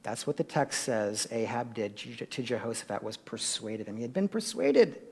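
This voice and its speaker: A man preaching a sermon, shifting from quiet asides to loud, emphatic peaks and questions to the congregation. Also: mid-range voice, big pitch swings, normal speed, vocal fry, hardly any pauses, husky. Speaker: pastor.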